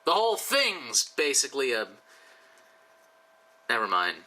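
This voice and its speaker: A man's voice: mid-range voice, huge pitch swings, measured pace, sharp tone, low-quality recording. A tipsy man rambling and joking with profane asides while he draws for his channel. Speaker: YouTuber drawing commissioned art. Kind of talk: casual rambling commentary while drawing.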